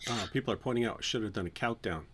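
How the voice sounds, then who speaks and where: A man hosting a casual live stream, chatting and joking, now and then breaking into silly high singing. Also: fast talker, a bit bright. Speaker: channel host.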